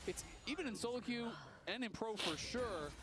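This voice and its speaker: A man giving analytical color commentary on an esports match in a relaxed, explanatory way. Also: very high voice, normal speed, over loud music.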